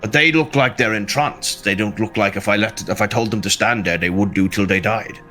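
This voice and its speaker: A man playing his character in a tabletop game, speaking in a measured, questioning way. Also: fairly low pitch, pushed and bright, faint music behind. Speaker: player.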